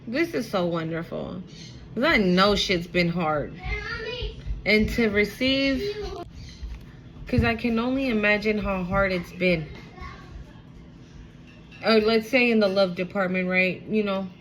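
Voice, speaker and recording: A woman's voice: mid-range voice, slow, pauses often, slight background noise, poor audio. A woman giving a casual, emotional spiritual card reading to her viewers, repeating herself and swearing now and then. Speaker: tarot reader.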